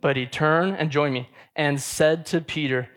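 A man's voice: on the high side, steady tone, unhurried, fairly bright tone. A man preaching a sermon in a casual, emphatic way, often restarting his sentences.

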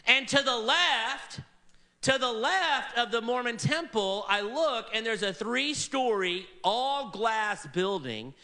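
An animated male preacher tells a long story from the pulpit, voicing each person he meets. His voice sits high and rings bright and clear. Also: takes it slowly. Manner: animated, acts out quoted people in varied voices. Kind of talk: sermon storytelling.

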